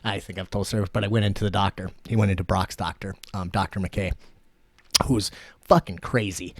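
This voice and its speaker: A man's voice: low voice, fairly even intonation, a little fast, dry recording. A man co-hosting a podcast in a studio, telling a long rambling story with heavy swearing and lots of fillers. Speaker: podcast co-host. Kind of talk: casual chat.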